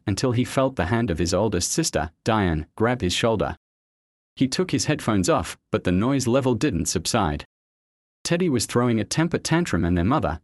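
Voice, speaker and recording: A man reading a novel aloud with steady, measured storytelling. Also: lowish voice, dry recording, studio quality. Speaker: audiobook narrator. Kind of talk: scripted narration.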